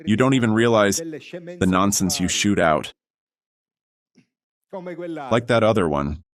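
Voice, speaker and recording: A man's voice: fairly low pitch, sing-song, measured pace, pauses often, crowd noise. Indignant Italian man ranting on stage. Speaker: conference speaker. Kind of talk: impassioned lecture. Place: theatre with audience.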